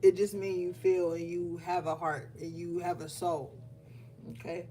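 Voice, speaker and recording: A woman's voice: on the low side, flat delivery, measured pace, dark tone. A woman giving a spiritual reading, emotional and affirming as she speaks straight to her viewers. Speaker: tarot reader. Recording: distant mic with faint room noise.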